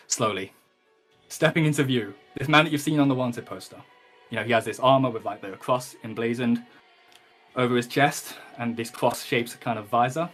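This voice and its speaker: A man's voice: medium pitch, normal speed, fairly bright tone, faint music behind. A man narrating a tabletop game as game master, rambling along with many ums and likes and the odd swear word.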